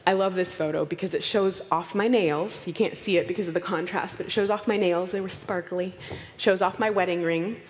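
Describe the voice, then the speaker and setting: American woman giving a lively talk. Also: fairly low pitch, brisk. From Oklahoma, United States. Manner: animated storytelling, acts out quotes in playful voices. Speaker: conference speaker. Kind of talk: conference talk. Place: conference hall. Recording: long hall reverb.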